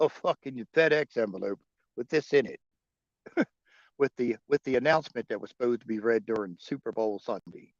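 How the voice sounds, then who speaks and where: A man's voice: medium pitch, no echo, muffled recording. A man hosting a livestream, chatting casually and profanely with viewers and chuckling often. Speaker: livestream host.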